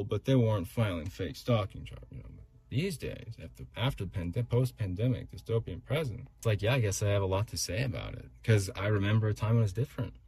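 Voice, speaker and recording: A man's voice: lowish voice, dark tone, husky. A man hosting his own podcast, rambling through a solo monologue with many restarts. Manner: rambling, restarts, talks himself through complaints. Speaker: podcast host.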